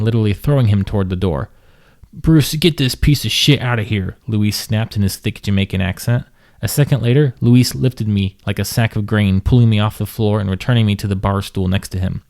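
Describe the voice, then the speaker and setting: A man's voice: on the low side, warm tone. A man reading a first-person detective audiobook in a dry, matter-of-fact way. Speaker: audiobook reader.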